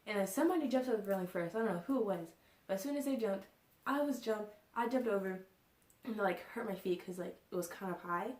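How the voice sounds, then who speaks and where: A woman's voice: mid-range voice, fast talker, darkish tone. Young woman, casual storytime vlog, rambling with fillers, echoey room. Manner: rambling, full of "like" and "you know". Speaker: vlogger.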